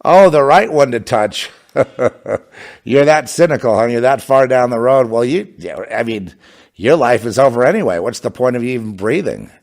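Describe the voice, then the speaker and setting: A man gives an impassioned religious monologue in a fervent, mocking tone. His pitch swings widely from low mutters up to high, scornful exclamations, around a middle-range voice. He often breaks into derisive laughter. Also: lively intonation, normal speed, darkish tone. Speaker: religious commentator.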